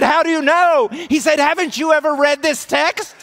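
A man preaching a sermon, telling a story quietly and then rising to loud, fervent shouts. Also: very high-pitched, moderate pace, few pauses. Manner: storytelling, swings from hushed to shouting. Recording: reverberant hall.

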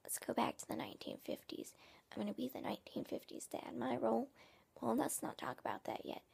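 A smug, passive-aggressive 1950s father, played by a woman rambles through a comic monologue, stopping and restarting his sentences. His voice is gravelly and husky and often drops to a half-whisper. It also sits somewhat high. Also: very animated, a little mellow, full character voice. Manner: rambling, halting, with many restarts.

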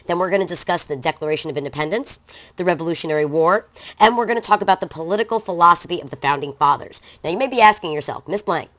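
A woman's voice: lowish voice, a bit bright. A woman teacher giving a recorded lesson in a casual, conversational way with bits of slang. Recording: dull lo-fi recording.

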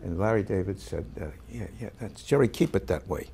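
A man, an actor, telling a backstage anecdote in an interview, lively as he acts out the voices of the people in the story. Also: on the low side, a little fast, slight background noise. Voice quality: gravelly, husky. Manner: animated storyteller who acts out quoted voices.

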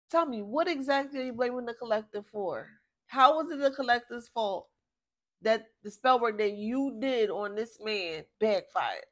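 A tarot reader from Philadelphia, USA, gives a casual spiritual reading in a voice on the high side and a bit bright. She's blunt, profane and exasperated, drifting off topic as she goes.

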